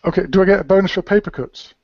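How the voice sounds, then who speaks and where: A man's voice: high voice, very fast, gravelly. A man playing a tabletop game over voice chat, casual and joking. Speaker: player. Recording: dry lo-fi voice chat audio.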